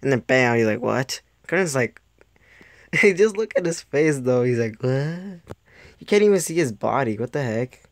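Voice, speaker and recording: A young man talks through an episode in casual video commentary, rambling, losing his train of thought and laughing at himself along the way. His mid-range voice is animated and moves at a moderate pace, with no echo.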